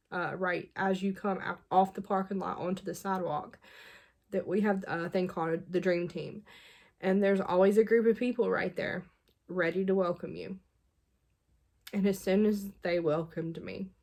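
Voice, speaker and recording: A woman in her thirties tells her personal story to the camera in a loose, confessional vlog style. Her voice sits mid-range and has a noticeable gravelly fry. She talks in a chatty way, full of fillers, restarts and small laughs. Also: mid-range voice, a little mellow. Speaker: channel host sharing her faith story.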